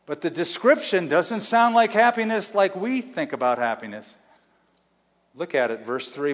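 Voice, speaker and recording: A pastor delivers an emphatic sermon, his fairly high male voice drawing out key phrases and calling on the congregation to answer. The sound rings with the long reverb of a large church hall. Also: sing-song. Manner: emphatic preaching, slows for stress, asks congregation to answer.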